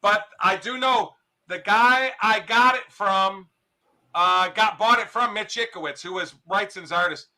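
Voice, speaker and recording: A man pitching art for sale in an enthusiastic, hyping way. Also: unhurried, sharp tone. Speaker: art dealer. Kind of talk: live sales pitch.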